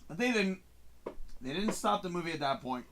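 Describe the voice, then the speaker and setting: A man hosting a casual live-stream show, reviewing a movie in an excitable, profane way and acting out his own reactions. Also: high-pitched, brisk, slight background noise. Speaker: host.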